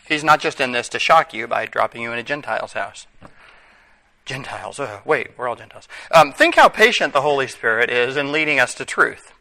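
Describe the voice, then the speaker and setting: Bright-voiced man preaching a sermon. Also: medium pitch, animated, a little fast, vocal fry, poor audio. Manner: conversational, self-correcting, wry asides.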